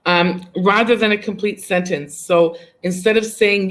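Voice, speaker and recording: A woman's voice: lowish voice, fairly even intonation, measured pace, few pauses. Encouraging woman teacher quizzing her class. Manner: questioning, praising answers and repeating them back. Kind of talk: leading a class discussion on poetry.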